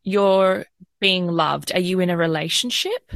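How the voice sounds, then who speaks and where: A woman's voice: on the low side, a little slow, vocal fry, fairly bright tone, no room sound, clean studio sound. A woman hosting a podcast interview, probing with short follow-up questions. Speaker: podcast host.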